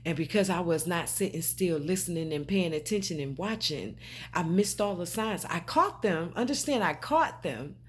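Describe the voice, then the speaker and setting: A woman's voice: lowish voice, animated, normal speed, husky. A woman talking straight to her viewers, emphatic and preachy, repeating her points and calling them babe and honey. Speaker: spiritual vlogger. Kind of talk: direct-to-camera talk.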